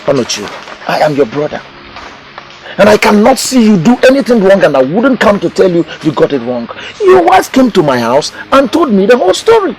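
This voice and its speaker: A counseling elder brother. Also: male voice, high-pitched, huge pitch swings, a little fast, slight background noise, low-quality recording. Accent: Nigerian. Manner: reasoning, counseling. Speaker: brother and mediator.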